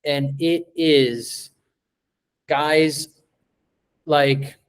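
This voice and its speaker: A man running a live sales training on a video call, animated, stretching and repeating words as he acts out pitches to a client. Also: extremely slow, clear, resonant tone.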